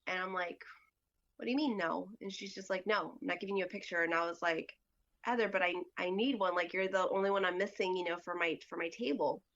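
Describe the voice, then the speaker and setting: A woman's voice: fairly low pitch, steady tone, brisk, fairly bright tone, highs cut off. A woman speaking as a podcast guest in casual storytelling, chatty and full of fillers, acting out other people's lines as she goes. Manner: chatty, acts out quoted dialogue with lots of fillers.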